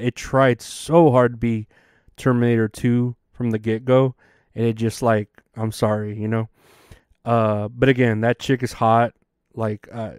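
A man's voice: medium pitch, a little mellow, clear, resonant tone, no room sound, studio quality. A young man hosting a solo podcast, rambling casually with lots of swearing and laughter. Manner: rambling and profane, laughs often. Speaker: podcast host.

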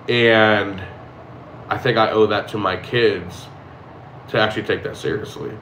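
A man's voice: medium pitch, moderate pace, reverberant, slight background noise, poor audio. A man in his thirties, a streamer, talking candidly and rambling in a casual reflective monologue, with frequent restarts and swearing.

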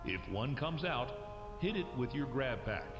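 A chipper recorded announcer in a horror game, reading test instructions in a formal, corporate tone. His middle-pitched voice sits in a roomy space with a long reverb trailing after it. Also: big pitch swings, a little slow, highs cut off, over music.

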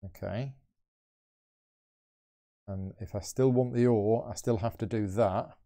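A man's voice: fairly low pitch, slow pace, dark tone. A man hosting a live solo board game playthrough, chatting and thinking aloud as he moves pieces. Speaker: board game channel host.

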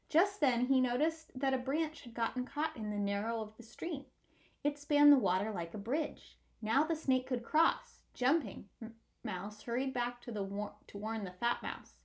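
A woman reading a picture book aloud with clear, expressive storytelling. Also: a little high, moderate pace.

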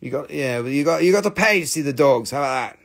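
Guy running a live rock sale, gravelly voice on the higher side, joking and rambling nonstop. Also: lively intonation, fast talker. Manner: chatty, joking, self-mocking, rambling. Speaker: live stream crystal seller. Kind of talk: casual live sales stream banter.

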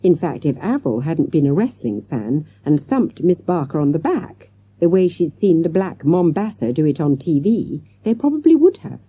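A woman narrating a children's audiobook with expressive storytelling. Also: deep voice, moderate pace, hardly any pauses, breathy edge, no echo. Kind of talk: scripted narration.

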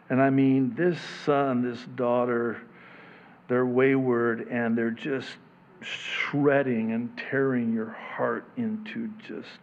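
A male pastor preaching a conversational sermon, swinging between loud emphatic peaks and soft low murmurs, chuckling at his own asides. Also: lo-fi sound.

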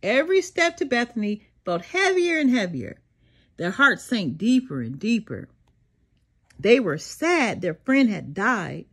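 An older woman reading a children's storybook aloud, slow and sing-song with dramatic pauses and a softly breathy voice. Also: on the high side, big pitch swings. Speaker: storybook reader. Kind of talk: expressive children's read-aloud.

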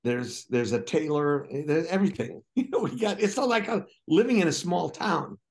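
A man from Milwaukee speaking as a guest in a relaxed interview. His voice is a little raised in pitch and carries a gravelly edge. He talks haltingly and mocks himself, restarting his sentences often. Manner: halting, self-deprecating, many restarts. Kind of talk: casual interview chat.

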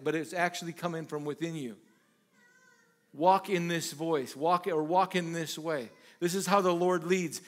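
A pastor preaching a sermon, retelling Bible dialogue in an animated, repetitive way. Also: male voice, high voice.

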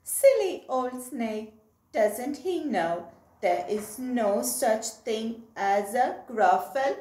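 A woman's voice: fairly high pitch, animated, takes it slowly, warm tone. A woman voicing a clever, cheeky little brown mouse in a playful sing-song storybook voice. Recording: roomy echo.

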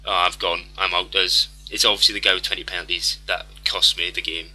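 A man's voice: deep voice, steady tone, fairly quick, a little hiss or hum, rough recording. A frantic, swearing man. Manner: frantic, swearing constantly, muttering under breath then yelling. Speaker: gamer. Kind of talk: live gameplay commentary.

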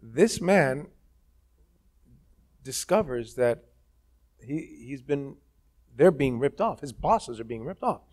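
A man's voice: mid-range voice, animated, slow, long pauses, a little mellow. A man who is the guest actor at a college talk, speaking in a casual, musing, conversational way. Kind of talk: onstage conversation. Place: college event stage.

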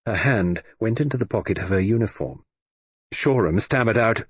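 A man narrating an audiobook in a scripted, expressive reading. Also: fairly low pitch, normal speed, slightly rough.

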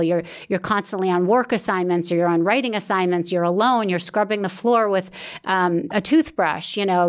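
A woman hosting a podcast, earnestly recounting her own experiences in conversation. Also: mid-range voice. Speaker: podcast host. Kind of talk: personal testimony in podcast conversation.

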